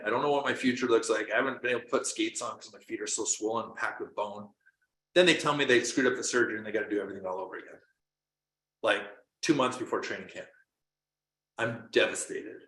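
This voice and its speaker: A man's voice: mid-range voice, fairly bright tone. A middle-aged man, a coach and former pro hockey player, telling his story in an intense, driving motivational style, swearing now and then. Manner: intense, driving delivery with bursts of emphasis and occasional swearing. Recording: roomy echo.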